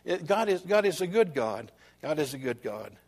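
Preacher guy, kinda high voice, folksy stories, slows way down to land a point. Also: very animated, a little mellow. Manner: folksy storytelling with quoted voices and slow emphatic lines. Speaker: pastor. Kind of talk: sermon.

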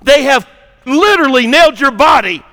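A man's voice: very high voice, animated, moderate pace, sharp tone, voice pushed up, exaggerated voice. A male preacher voicing a scornful male devil figure who goads and taunts insistently. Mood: taunting. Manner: goading, insistent.

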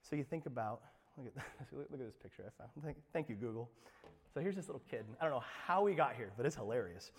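A male pastor preaching a sermon, animated, swinging between loud emphasis and hushed asides. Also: mid-range voice, fast, husky, long reverb tail.

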